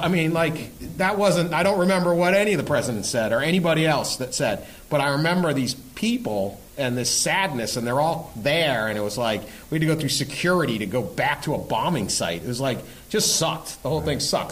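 A man's voice: fairly high pitch, poor audio. A man who is a guest sports columnist on a podcast, talking before a live audience in a rambling way with restarts and emphatic swearing.

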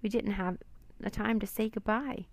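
A woman voicing an impulsive, kind-hearted young girl in a storybook reading, with a slightly gravelly, dry close sound. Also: medium pitch, fairly even intonation, moderate pace, dry recording, natural voice. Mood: earnest.

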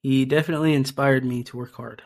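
A young man co-hosting a podcast, talking in a laid-back, halting way full of fillers. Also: mid-range voice, steady tone. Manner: laid-back, halting, lots of "you know". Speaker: podcast co-host. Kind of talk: casual podcast chat.

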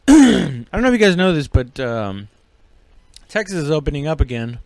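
A man in his thirties hosts a solo podcast, his fairly high voice smooth and clear. He rambles and swears freely, with plenty of "uh"s and false starts. The sound is dry and close, with no room around it. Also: big pitch swings, normal speed, darkish tone, no room sound. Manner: rambling, profane, lots of fillers and restarts. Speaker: podcast host. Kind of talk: casual solo podcast chat.

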